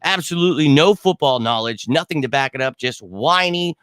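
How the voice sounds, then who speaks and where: Brash, heated man with a bright voice. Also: fairly high pitch, lively intonation, moderate pace, smooth, dry recording. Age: 30s. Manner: brash, heated, profane, talks straight to viewers. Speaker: fan show host. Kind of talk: livestream rant.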